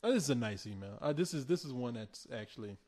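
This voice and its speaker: Animated, profane male podcast host. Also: mid-range voice, quick pace. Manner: profane, laughing, animated storytelling. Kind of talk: casual podcast chat.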